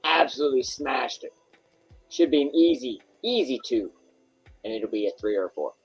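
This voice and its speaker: A man's voice: mid-range voice, expressive, normal speed, husky, faint music behind, low-quality recording. A man in casual chat, laid-back and profane.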